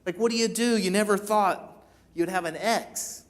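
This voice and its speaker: A man's voice: high-pitched, normal speed. A man preaching to a church congregation, talking in a casual, conversational way and acting out the quoted lines. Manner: conversational, acts out quoted lines, many repeats. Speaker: pastor. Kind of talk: sermon.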